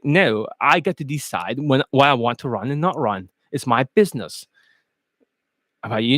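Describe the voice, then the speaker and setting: Animated man, bouncy high voice. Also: no room sound, studio quality. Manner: animated, blunt and profane, rambling; slips in and out of put-on accents. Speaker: dating coach. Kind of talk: casual live-stream sales monologue.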